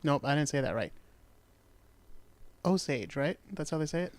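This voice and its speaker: A male podcast host tells a true-crime story in a rambling, jokey style, correcting himself along the way. His slightly high voice is expressive, fast and smooth, with no echo.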